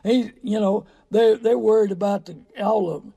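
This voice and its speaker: A middle-aged man, hosting a radio talk show in a folksy, preachy way with sudden loud bursts. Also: sits high, fairly even intonation, moderate pace, creaky, slightly rough. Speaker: radio show host on car buying.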